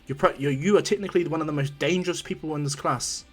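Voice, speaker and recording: A kind teenage boy hero, voiced by a man, speaks in a friendly, encouraging way, explaining things patiently to his friends. The voice stays close to the narrator's own casual tone, only a little higher. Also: fast, husky, faint music behind.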